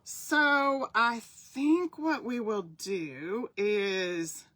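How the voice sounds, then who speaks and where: A woman's voice: fairly high pitch, drawn-out words, fairly bright tone, dry recording. Chatty woman teaching a live craft class. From Southern California. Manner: chatty, enthusiastic, addresses viewers directly. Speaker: craft instructor.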